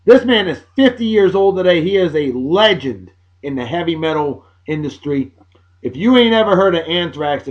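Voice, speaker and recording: A man's voice: on the high side, highs cut off. A man hosting a casual beer and music vlog, talking in a boisterous, crude, showman-like way. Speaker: host.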